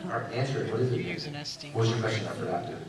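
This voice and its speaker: A man's voice: mid-range voice, expressive, very fast. A man in his thirties telling stories at a convention Q&A, laughing often and slipping into playful quoted voices. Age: 30s. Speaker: convention panel guest. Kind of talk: animated con Q&A storytelling. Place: large convention hall. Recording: echoey hall, heard from a distance, crowd noise.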